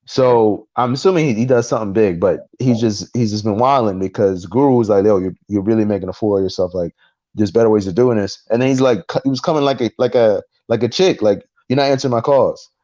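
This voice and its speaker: A man co-hosting a casual podcast chat, recounting a story in an animated way and acting out the voices of the people in it. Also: lowish voice, quick pace, no echo, dull audio. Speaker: podcast co-host.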